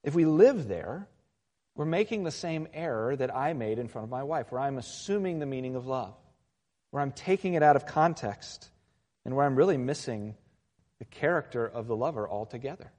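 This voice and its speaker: A man's voice: medium pitch, expressive, normal speed, a little mellow, big-room sound. A man preaching a sermon as a pastor, talking in a conversational way and often checking in with the congregation. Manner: conversational, with frequent tag questions.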